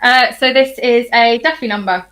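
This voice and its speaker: Bright, high-voiced, laughing woman co-host. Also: moderate pace. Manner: laughs often, self-mocking, casual swearing. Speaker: co-host and singer. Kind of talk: casual chat.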